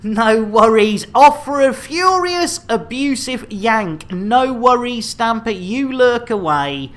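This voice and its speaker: A man's voice: very high voice, animated, slow pace, a bit bright. A man commentating his live game stream, chatting with viewers in a jokey manner full of innuendo.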